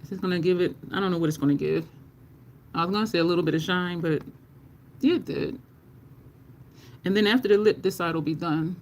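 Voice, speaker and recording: A chatty makeup livestreamer talks to viewers while applying a look, at a middle pitch. The talk is loose and unscripted, full of laughter and quick replies to the chat, with a swear word dropped in here and there. A faint hum of noise sits behind the voice. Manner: curses casually in conversation.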